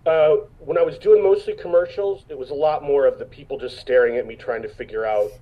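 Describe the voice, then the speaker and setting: A man in his fifties, an actor appearing as a guest in a casual interview, tells stories and acts out what people said, often restarting his sentences. His voice is fairly high and brisk, and the audio sounds dull.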